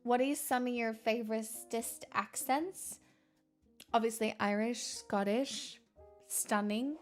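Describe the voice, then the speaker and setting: A woman's voice: fairly high pitch, fairly even intonation, takes it slowly, faint music behind. A woman who streams and chats with viewers. She talks in a candid, rambling way, swears, and laughs often. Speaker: live streamer reading chat. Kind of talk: casual chat.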